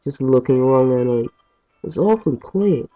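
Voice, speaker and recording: A man's voice: medium pitch, expressive, normal speed, mellow. A man giving rambling, chatty gameplay commentary as a let's play host from his home basement, with mild swearing. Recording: muffled lo-fi recording over game music.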